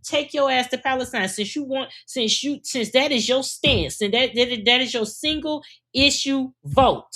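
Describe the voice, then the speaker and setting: A woman's voice: high voice, lively intonation, normal speed, fairly bright tone. A woman co-hosting a podcast, blunt and profane, scolding listeners in casual political commentary. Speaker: podcast co-host.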